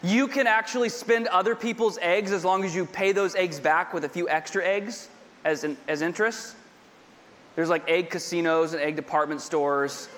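A man with a high, light voice preaches to a congregation and keeps it chatty, circling back to drive each point home and tossing in jokes as he goes. His words ring out with a long reverb tail from a big church hall. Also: fairly even intonation, moderate pace, a bit bright, a little hiss or hum. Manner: conversational, repeats points, humorous asides. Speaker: pastor. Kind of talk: sermon.

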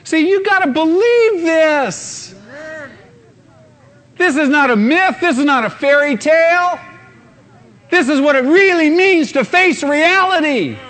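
Male pastor, very high voice, fervent sermon delivery that acts out scenes. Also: lively intonation, slow pace, long pauses, fairly bright tone. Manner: fervent preaching, acts out scenes with sudden bursts.

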